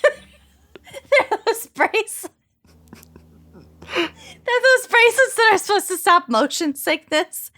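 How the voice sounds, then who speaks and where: A young woman with a very high, swooping voice speaks at an unhurried pace. She banters casually as a podcast co-host, dropping sarcastic asides and laughing out loud. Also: animated. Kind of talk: casual chat.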